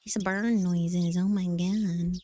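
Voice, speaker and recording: A woman's voice: lowish voice, steady tone, slow, mellow. A woman streaming live, chatting casually and reading a visual novel aloud, laughing often and swearing freely.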